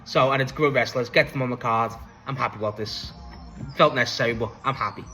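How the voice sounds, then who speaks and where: A young man casually recapping and reviewing a wrestling show, excitable, swearing freely and laughing often. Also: medium pitch, quick pace, soft background music, poor audio.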